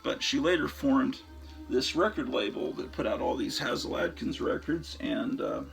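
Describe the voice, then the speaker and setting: A man's voice: mid-range voice, animated, moderate pace, creaky, faint music behind. A man hosting a show, chatting casually and enthusiastically about his record collection in a rambling way, often trailing off into fillers.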